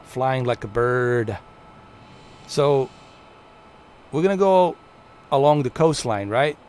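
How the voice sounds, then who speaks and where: A man's voice: mid-range voice, slow pace, darkish tone, a little hiss or hum. A man streaming a flight game, giving chatty, playful live commentary to his viewers. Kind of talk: casual gameplay commentary.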